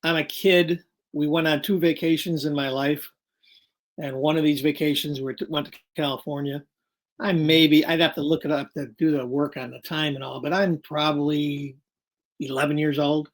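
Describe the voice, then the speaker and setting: A man in his sixties, a regular guest on a chat show, spins a childhood anecdote. He acts out every quote with shifting voices. The delivery is loose and conversational, in a middle-pitched voice. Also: moderate pace. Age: 60s. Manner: animated storyteller acting out quotes. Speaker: weekly guest. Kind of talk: casual storytelling.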